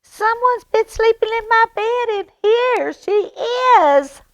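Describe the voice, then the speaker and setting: A woman voicing a small young female bear cub in a high, squeaky voice. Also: lively intonation, takes it slowly, no room sound, muffled recording, heavily acted.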